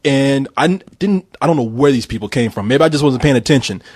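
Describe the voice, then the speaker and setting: A man telling a story in casual chat, animated and swearing freely, acting out the voices of the people in it. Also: mid-range voice, quick pace, husky, no echo, clean studio sound.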